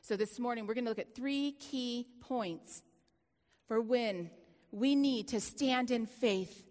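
High-voiced woman preaching in a reverberant hall. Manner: lively storytelling, laughing, dramatic hushed drops. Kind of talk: sermon with personal story.

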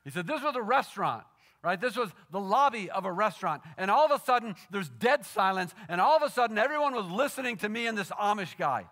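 A male pastor delivering a sermon, telling a story that swings from animated to soft and hushed, often repeating words as he builds a point. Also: sits high, fast.

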